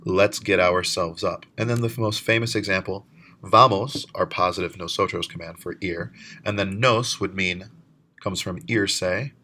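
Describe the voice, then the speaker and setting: A man teaching a recorded lecture, explaining step by step and slowing down to model words. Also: deep voice, pushed and bright.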